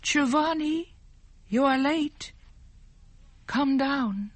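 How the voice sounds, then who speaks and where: Woman doing an innocent young woman, high, pleading, storybook, dry sound. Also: very slow, no room sound. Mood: calling. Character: sweet, innocent young woman trapped in a garden. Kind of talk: storybook narration.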